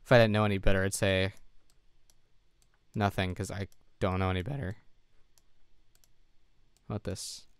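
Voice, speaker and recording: Sounding tired, a man narrates his gameplay on a live stream from home, reconsidering his decisions as he thinks aloud. He speaks in a low, clean, steady voice at a moderate pace, pausing often, with a dry recording.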